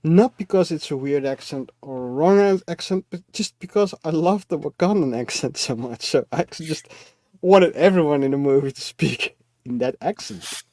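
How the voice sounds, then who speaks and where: A man's voice: fairly high pitch, moderate pace, a little mellow, no room sound, studio quality. A man co-hosting a casual film chat, thoughtful and hesitant, laughing often. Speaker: co-host. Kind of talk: casual chat about films.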